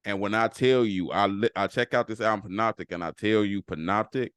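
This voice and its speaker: A man's voice: lowish voice, brisk, fairly bright tone, no echo, clean studio sound. A man hosting a casual solo podcast, talking loosely and repeating phrases for emphasis. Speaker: podcast host.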